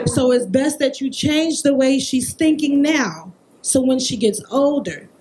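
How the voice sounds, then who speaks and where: A woman in her thirties, a behavior therapist on a festival panel, telling a personal story in an animated, emphatic way. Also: sits high, takes it slowly, a little hiss or hum, low-quality recording.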